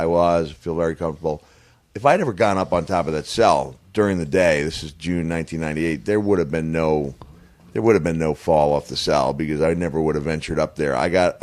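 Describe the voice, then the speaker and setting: A middle-aged man spinning stories in a relaxed podcast chat, slipping into little acted voices for the people he quotes. His voice sits a touch low and sounds dry and close, with no room around it. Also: no echo. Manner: animated storyteller who acts out quoted voices. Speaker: podcast guest, wrestler. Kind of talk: casual storytelling chat. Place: hotel room.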